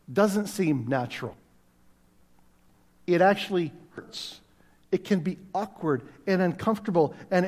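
A man's voice: high voice, a little mellow. A middle-aged man from Canada preaching a sermon to his church, telling stories in a conversational way with self-deprecating humor. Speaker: pastor. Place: church sanctuary. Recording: long reverb of a church hall.

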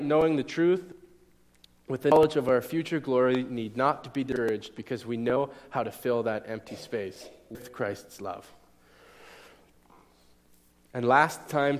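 A young man delivers a sermon in a relaxed, conversational manner. He keeps checking that his listeners follow along. His voice carries a long reverb from a large hall. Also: fairly high pitch. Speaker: pastor. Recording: echoey hall.

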